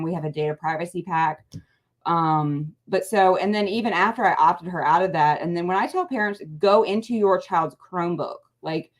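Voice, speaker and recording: A middle-aged woman with a somewhat low voice talks casually as a guest on a political show. She rambles, breaks off mid-word and restarts often, and leans on fillers. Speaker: guest, parent advocacy co-founder.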